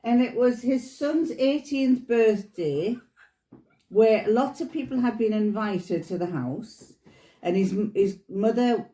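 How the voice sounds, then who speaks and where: A woman's voice: on the high side, takes it slowly, warm tone. A woman in her seventies, a vlogger chatting casually at home and telling stories with frequent laughs. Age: 70s. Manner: chatty storyteller, laughs often. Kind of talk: casual chat. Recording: echoey room.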